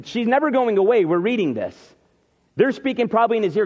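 A pastor preaches in a church sanctuary, retelling the scene and acting out what the people say. His voice sits high and sounds expressive, fast and a little mellow, with muffled hall reverb on the recording.

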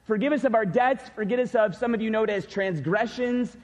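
A middle-aged man preaching a sermon, telling a personal story in an animated way. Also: high-pitched, brisk, in a large hall. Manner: animated storytelling, shouts when acting out cheers. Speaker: pastor. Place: church sanctuary.

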